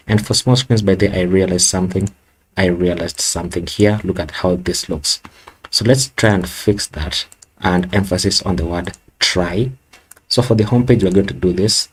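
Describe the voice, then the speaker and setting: A man's voice: deep voice, husky. A man walking through a coding tutorial in a casual way, thinking aloud and correcting himself as he goes. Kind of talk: screen-recorded coding walkthrough.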